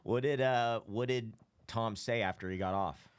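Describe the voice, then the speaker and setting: A man hosting a podcast, chiming in with quick reactions and laughing along with his guest's story. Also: lowish voice, smooth, no room sound. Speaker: podcast host. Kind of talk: casual podcast conversation.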